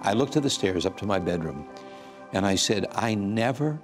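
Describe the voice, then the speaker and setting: Deep-voiced and brisk with lively intonation, this man in his eighties appears as a guest, sincerely recounting his life and performing the voices he quotes. Soft music runs beneath his speech.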